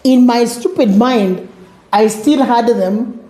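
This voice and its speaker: Middle-aged woman, Kenyan accent, interview guest, animated storytelling, warm dark tone, roomy echo. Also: fairly high pitch, slow pace. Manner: animated, acts out quoted voices, mixes in Swahili words. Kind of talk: emotional personal storytelling.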